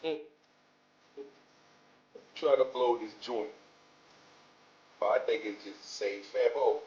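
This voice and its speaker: Reaction host, a man with a high voice, slow and emphatic, echoey room with music playing. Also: highs cut off. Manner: emphatic, profane, laughs often. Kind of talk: casual reaction commentary.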